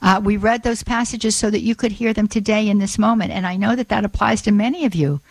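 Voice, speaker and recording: A woman's voice: mid-range voice, a little fast, dry recording, low-quality recording. A woman hosting a call-in radio show, praying aloud and talking with callers in an earnest way, repeating phrases and restarting sentences. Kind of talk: spoken prayer and call-in talk.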